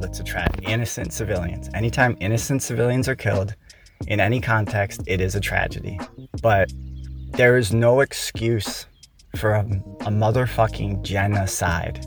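An American man hosting a podcast, delivering a heated, profane political rant with emphatic stresses. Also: on the low side. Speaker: podcast host.

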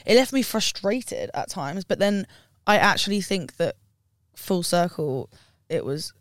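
A woman's voice: fairly low pitch, lively intonation, unhurried, no echo, clean studio sound. A young woman, co-hosting a podcast in casual chat, gushing and often trailing off mid-sentence. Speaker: podcast co-host.

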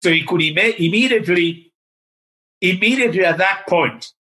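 A man's voice: sits high, moderate pace, bright, forceful tone. Older man telling a story. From Tanzania. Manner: hesitant, with many fillers and restarts. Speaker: guest. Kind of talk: storytelling in conversation.

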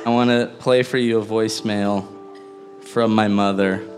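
A man's voice: lowish voice, steady tone, normal speed, over music. A man telling a family story on stage in a wry, chatty way, often breaking into laughter. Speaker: storyteller and host. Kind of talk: comic live storytelling.

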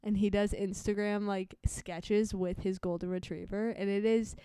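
A woman's voice: mid-range voice, little pitch movement, normal speed, mellow, clear, resonant tone, dry recording, clean studio sound. A woman co-hosting a podcast in casual chat, giggly and blunt, swearing freely. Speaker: podcast co-host.

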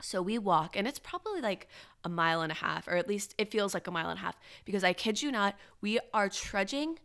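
A woman's voice: medium pitch, brisk. A young woman, telling a rambling story in casual chat, a little nasal this morning. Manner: animated, rambling storyteller with lots of "like". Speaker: podcast co-host.

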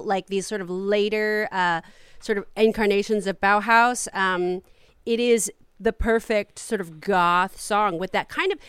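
A woman's voice: medium pitch, a bit bright, smooth, dry recording, clean studio sound. A woman comedian being interviewed, talking in a rambling, hesitant way with laughs between thoughts. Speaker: comedian guest. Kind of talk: casual interview chat.

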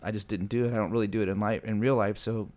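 A man's voice: lowish voice, steady tone, fast talker, darkish tone. A man in his forties, a pastor and podcast co-host, chatting casually and acting out quoted voices in his stories. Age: 40s. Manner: rambling storyteller, acts out quoted voices.

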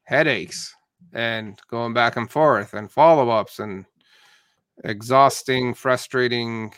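A man's voice: medium pitch, a bit bright, smooth, dry recording. Man hosting, dry close sound. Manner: short prompts and quick agreement. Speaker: podcast host. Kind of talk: interview questions.

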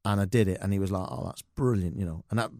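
Fast-talking man telling stories. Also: deep voice, dry recording, clean studio sound. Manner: animated anecdotes with quoted voices and laughter. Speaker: guest. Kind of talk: casual interview storytelling.

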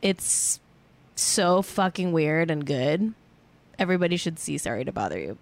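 A young woman hosting a podcast, a little tipsy and chatting casually. She rambles and giggles, full of fillers, and her pitch swings up and down a lot. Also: very animated, moderate pace, no echo. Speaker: podcast host. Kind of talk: casual chat.

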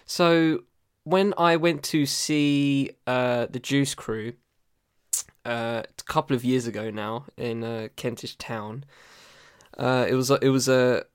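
A young English-accented man hosts a casual music podcast in a mid-pitched voice, recorded dry and close. He chats loosely with slang and frequent laughs, stumbling over restarts as he talks. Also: lively intonation, slow, clear, resonant tone, no echo. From England. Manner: chatty, laughs often, stammers on restarts, uses slang. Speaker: podcast host.

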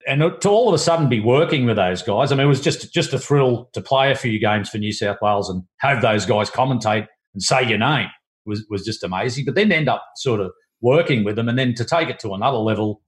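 A man's voice: mid-range voice, brisk. A man, a former cricketer turned TV producer, reminiscing in a rambling way with frequent restarts. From Australia. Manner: rambling, many restarts and fillers. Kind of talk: casual storytelling.

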